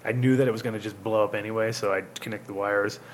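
A man's voice: lowish voice, steady tone, fast, a little hiss or hum. A man from Rhode Island hosting a casual podcast chat, rambling through stories, swearing and acting out quotes. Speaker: podcast host.

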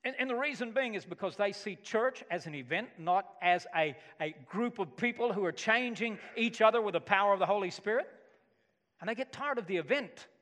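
High-voiced man preaching in a hall. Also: fairly quick. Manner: animated preaching with sudden loud emphatic bursts. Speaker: pastor. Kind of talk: sermon.

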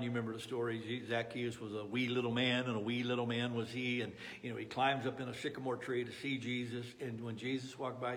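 A man's voice: mid-range voice, vocal fry, a bit bright. A man preaching a sermon as a pastor, talking in an earnest, pleading way with frequent restarts.

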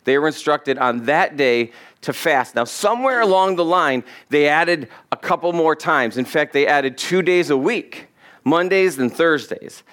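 A pastor preaching a sermon, slowing down to stress key words and putting questions directly to his congregation. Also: fairly high pitch, animated, a bit bright. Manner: emphatic, slows to stress key words, quotes scripture.

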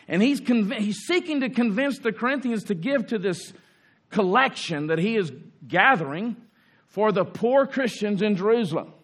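A man preaching a sermon in an earnest way, rising for emphasis and slowing down on key phrases. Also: sits high, a bit bright. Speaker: pastor.

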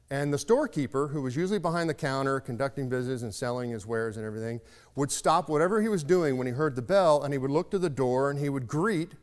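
A man's voice: on the high side, darkish tone, in a large hall. A man giving a sermon, telling a folksy story in a reflective, conversational way. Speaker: preacher.

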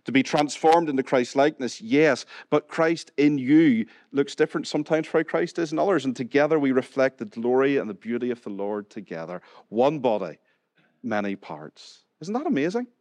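A man with a Northern Irish accent preaches a sermon at a middle pitch. He talks to the congregation in a relaxed, conversational way and keeps putting questions to them. The recording is dry, with no room echo. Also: moderate pace. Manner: conversational, asks the congregation questions, jokes and laughs now and then. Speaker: pastor. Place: church hall.

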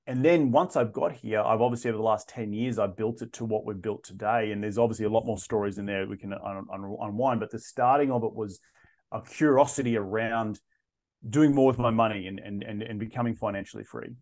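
A man in his thirties, a podcast guest telling his story in a casual interview, animated and often restarting his sentences. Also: fairly low pitch, a little fast. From Australia. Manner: animated, frequent restarts and repeated words.

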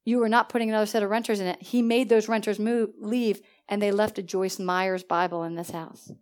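A woman's voice: mid-range voice, a little fast. A woman minister telling a personal testimony in church, storytelling with acted-out dialogue and frequent laughter. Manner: lively storytelling, acts out dialogue, laughs often. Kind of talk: testimony sermon.

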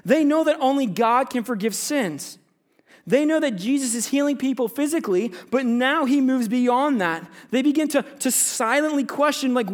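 A man preaching to his church in an animated way, addressing the congregation head-on. He moves freely between teaching and acting out the figures of the passage. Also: very high-pitched, normal speed. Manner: animated, addresses congregation directly, acts out biblical characters. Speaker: pastor. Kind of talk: sermon.

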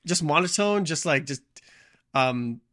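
A man in casual movie chat, halting and full of restarts, laughing often. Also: on the high side, animated, sharp tone.

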